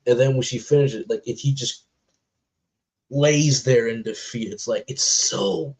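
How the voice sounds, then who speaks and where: A man's voice: mid-range voice, darkish tone. A man chatting casually about films, talking in an earnest, emotional way and drawing out his words. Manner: earnest, emotional, drawn-out phrasing. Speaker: co-host of a movie reaction channel. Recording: dull lo-fi recording.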